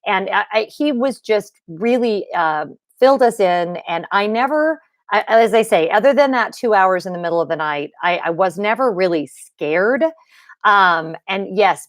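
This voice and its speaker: A woman's voice: medium pitch, no echo, clean studio sound. A woman hosting a casual livestream from her home computer, chatting loosely with viewers and greeting them by name as she talks. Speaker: livestream host.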